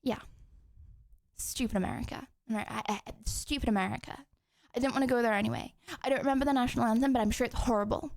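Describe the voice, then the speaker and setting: A woman's voice: fairly high pitch, fairly even intonation, very fast, hardly any pauses, a little mellow, no room sound, studio quality. A young woman livestreaming from home, chatting casually while reading chat messages, giggling and cutting herself off mid-sentence. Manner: chatty, giggly, self-interrupting.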